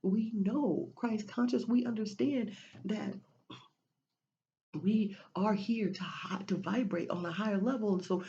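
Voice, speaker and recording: A woman's voice: mid-range voice, unhurried, dark tone, lo-fi sound, slight background noise. A woman giving a spiritual motivational talk, repeating and restarting her phrases in a preachy way. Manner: repetitive, preachy, many restarts. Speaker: motivational speaker.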